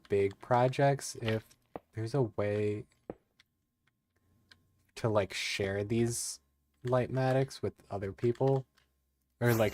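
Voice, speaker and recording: A man's voice: fairly low pitch, darkish tone, slight background noise. A man casually chatting on his live stream as he plays, in a rambling, laid-back way with lots of filler words. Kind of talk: casual live-stream chat while gaming.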